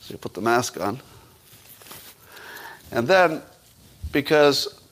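Man, mid-pitched, sarcastic commentator, rhetorical questions, dry asides, casual. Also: big pitch swings, slow pace, fairly bright tone. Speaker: political commentator.

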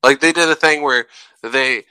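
A man's voice: mid-range voice, moderate pace, pushed and bright, clean tone, dry recording. A young man co-hosting a casual podcast, joking and laughing often. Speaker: podcast co-host. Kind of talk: casual chat.

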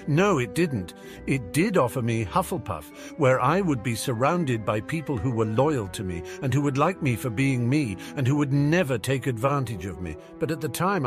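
A man's voice: medium pitch, very animated, moderate pace, over music, close to an everyday voice. A man voicing a resentful teenage boy who speaks with dry sarcasm. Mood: sarcastic. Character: bitter, sardonic teenage boy.

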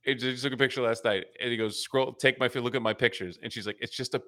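A man's voice: medium pitch, fairly even intonation, quick pace, sharp tone. A man co-hosting a casual podcast, animatedly quoting sketch lines and laughing along. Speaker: podcast co-host. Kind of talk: casual chat about comedy sketches.

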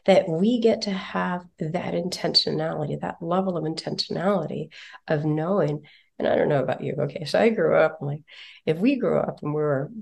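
A woman's voice: sits low, gravelly, slightly rough. A woman in her forties talking casually on a parenting podcast, telling personal stories and acting out the voices of the people in them. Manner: animated storyteller, acts out quotes. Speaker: parenting guest.

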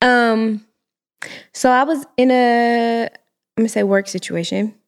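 A woman's voice: on the high side, fairly even intonation, measured pace, smooth. A woman co-hosting a podcast, starting a story hesitantly and a little guardedly. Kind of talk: casual podcast chat.

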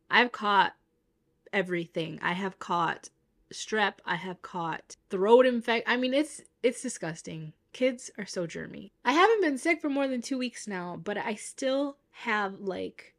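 A woman's voice: medium pitch, a bit bright. A young adult woman hosting a podcast in casual chat, with a stuffy nose from a cold, upbeat and chatty, often laughing at herself. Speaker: podcast host.

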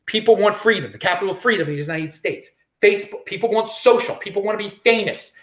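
A man's voice: sits high, fast talker, fairly bright tone. A man hosting a solo podcast, giving an opinionated, rambling monologue full of restarts. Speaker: podcast host.

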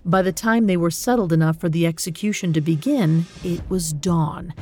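A woman hosting a podcast, telling a grim history in measured, scripted narration. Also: lowish voice, darkish tone, a little hiss or hum. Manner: measured, grave storytelling. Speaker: podcast host.

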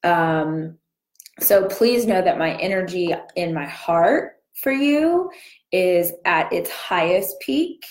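A young woman hosts a casual morning live stream, chatting despite a cold sore that keeps her lips barely opening as she speaks. Her voice is fairly low with lively intonation, her pace slow, and the sound roomy.

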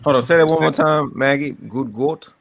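A man's voice: mid-range voice, moderate pace, gravelly, slight background noise. Laid-back man with dry asides. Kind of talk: casual sports talk.

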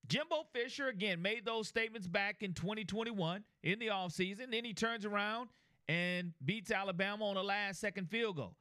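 A man hosting a sports talk show, talking in an animated, emphatic way with quick restarts. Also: sits high, clean tone, no echo, studio quality.

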